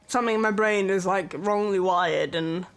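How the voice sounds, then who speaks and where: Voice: medium pitch, moderate pace, soft background music. Chatty streamer. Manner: rambling, chatty, full of filler words and small laughs. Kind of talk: casual stream chat.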